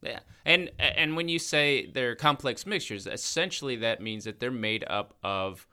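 Bright-voiced man explaining cosmetic chemistry. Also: medium pitch, a little slow, clear, resonant tone. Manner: explanatory, thinking aloud with restarts. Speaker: podcast co-host, cosmetic chemist. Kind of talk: casual science podcast chat.

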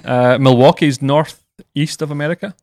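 A man's voice: a little high, steady tone, moderate pace, darkish tone, dry recording, studio quality. A Scottish man hosting a casual podcast chat and reading out listener messages. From Scotland. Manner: banter, reads listener messages. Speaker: podcast host.

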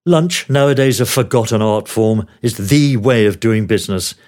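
A man's voice: lowish voice, normal speed, a little mellow. An older man from Australia, a former TV news producer, reading his memoir aloud with wry, dry humor. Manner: wry, dryly humorous storytelling. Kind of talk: memoir read aloud as narration.

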